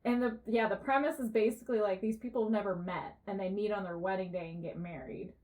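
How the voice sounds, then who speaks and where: A podcast co-host with a mid-range voice talks fast while telling a story in casual chat. She's animated, laughs often, and swears freely.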